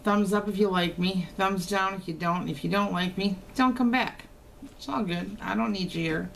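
Chatty grandma with a gravelly voice. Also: female voice, medium pitch, moderate pace, slight background noise. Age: older. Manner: chatty, teasing, folksy. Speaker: haul vlogger. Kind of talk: casual chat to camera. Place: home, indoors.

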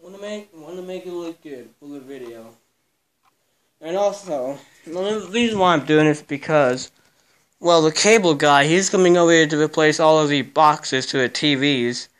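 A man's voice: on the high side, moderate pace, fairly bright tone. A young man grumbling and swearing through a casual vlog while he cleans a cluttered bedroom. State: out of breath. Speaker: vlogger.

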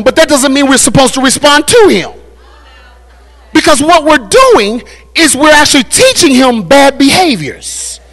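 A man preaching a sermon as pastor at a Bible study, repeating phrases and building to shouted climaxes. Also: extremely high pitch. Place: church.

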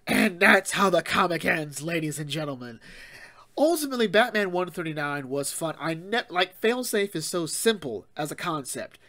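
A man hosting a casual comic book talk show, recapping the story in an animated, rambling way and acting out characters' lines. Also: sits high. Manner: animated, acts out characters' lines in quick voices; laughs often, rambling with fillers. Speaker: comic book podcast host.

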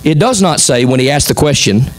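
A middle-aged pastor with a Southern American accent and a mid-range voice preaches in a folksy, animated style, rapidly voicing the people who appear in his story.

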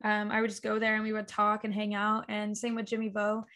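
A young adult woman, a guest on a podcast, chatting casually and acting out remembered conversations with quick laughs. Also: mid-range voice. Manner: animated storyteller, acts out quoted dialogue, laughs often. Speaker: guest, talk show creator. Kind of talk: casual interview chat.

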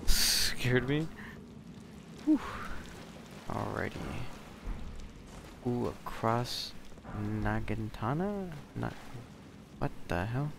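A man giving casual, excitable commentary while he plays a video game, swearing and talking to himself. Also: mid-range voice, gravelly, background noise. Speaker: gaming video creator. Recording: game music playing behind.

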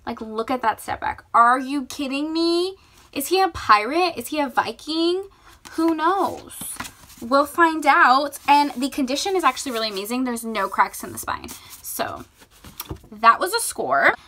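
Bubbly young woman vlogger, high bright voice, gushing over books. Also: big pitch swings, unhurried. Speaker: book vlogger. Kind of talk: casual vlog chat.

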